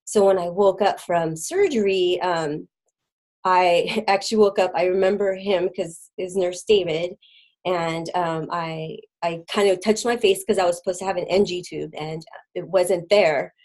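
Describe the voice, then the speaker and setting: A middle-aged woman speaks as a guest, recounting her own experience in a halting way. She fills gaps with ums and restarts her sentences, and her voice sinks almost to a whisper at the hardest parts. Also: lowish voice, steady tone, a little mellow, low-quality recording. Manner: halting, many fillers and restarts, drops to a near whisper at hard moments. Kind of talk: personal testimony in an interview.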